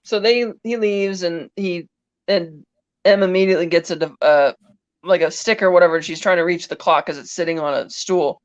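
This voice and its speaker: A podcast co-host with a mid-range voice speaks at a moderate pace, casually going through a film scene after scene. The lo-fi audio has no room sound, and the retelling rambles along with many "he's like" asides.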